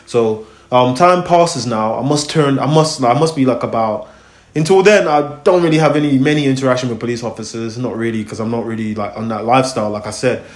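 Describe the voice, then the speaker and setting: Speaking a little fast with a middle-pitched voice, this young host chats casually, telling rambling, animated stories full of slang fillers and acted-out voices. He comes from Congo, grew up in America and now lives in the UK. Echo fills the room.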